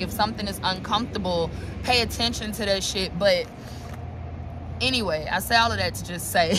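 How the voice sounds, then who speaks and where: Chatty, profane woman reading tarot outdoors. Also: medium pitch. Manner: chatty, loose and profane, with frequent laughs and asides to viewers. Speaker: tarot reader. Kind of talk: casual tarot reading vlog. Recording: outdoor recording with clear traffic ambience. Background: vehicles passing.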